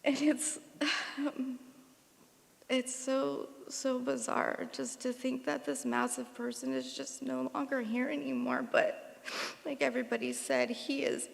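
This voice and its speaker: Brief: emotional daughter in her 40s at a podium, gravelly and rambling, echoing concert hall. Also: high-pitched, flat delivery, slow pace. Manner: emotional, rambling, many fillers. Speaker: daughter giving a eulogy. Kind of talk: memorial tribute speech. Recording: long hall reverb.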